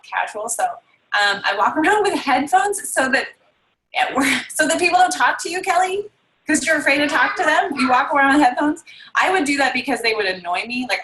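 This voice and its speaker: Bright-voiced woman hosting a video call. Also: medium pitch. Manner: rambling, reading out comments, many ums and likes. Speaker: team call host. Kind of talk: casual chat. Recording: echoey room on a video call.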